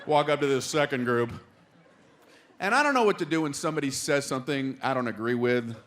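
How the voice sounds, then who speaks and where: A man stand-up comedian telling a wry, sheepish story, with awkward pauses. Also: medium pitch, animated, a bit bright. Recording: live comedy show with audience noise.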